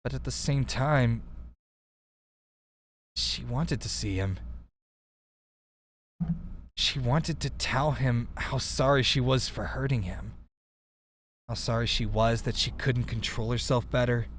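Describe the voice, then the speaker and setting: A man's voice: medium pitch, slight background noise. A man live-streaming a casual read-through of a friend's story, a perfectionist who stops to redo lines and laughs at his own delivery.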